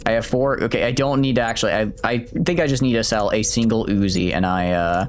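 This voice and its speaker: A man's voice: fairly low pitch, fairly quick, a little hiss or hum. A man streaming a game, chatting casually and thinking aloud in a rambling way with lots of fillers. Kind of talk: casual gameplay commentary.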